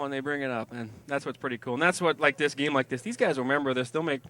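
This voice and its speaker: A man calling a football game online, eagerly reading out viewer emails and shout-outs. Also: medium pitch, fast talker. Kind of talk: live sports webcast commentary.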